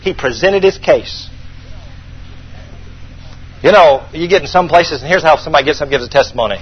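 A man's voice: on the high side, a little fast, muffled recording, slight background noise. A man preaching a sermon as pastor, emphatic and repeating his key points for the congregation to write down.

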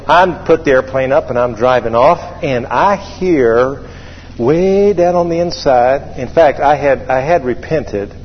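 A man preaching a sermon, telling a folksy personal story with animated delivery and drawing call-and-response from the congregation. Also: mid-range voice, long reverb tail, lo-fi sound, slight background noise.

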